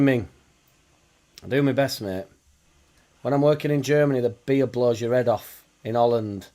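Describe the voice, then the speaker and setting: A man with a Yorkshire accent hosts a live watchalong stream and reacts to the match as it plays. His voice sits at an ordinary middle pitch. He chats casually with his viewers, with plenty of swearing and banter. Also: moderate pace, long pauses, warm tone. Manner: blunt, swearing, chatty banter. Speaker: livestream host.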